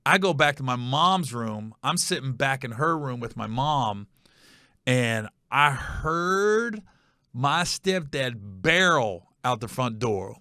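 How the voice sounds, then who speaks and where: A middle-aged man hosting a podcast, telling a story casually and animatedly, acting out other people's voices with high shouts. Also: big pitch swings, unhurried, dry recording, clean studio sound.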